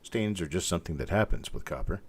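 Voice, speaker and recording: A middle-aged man hosting a live stream, calmly and methodically talking through each coin and greeting viewers by name. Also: low-pitched, quick pace, husky. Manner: calm, methodical, talks while inspecting coins, greets viewers by name. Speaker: host.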